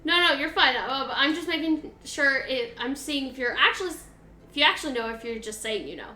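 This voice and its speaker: A woman's voice: high voice, expressive, brisk, bright, forceful tone, roomy sound. A woman chatting casually while playing a game, thinking aloud with lots of fillers. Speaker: game co-player. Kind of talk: casual gaming chat.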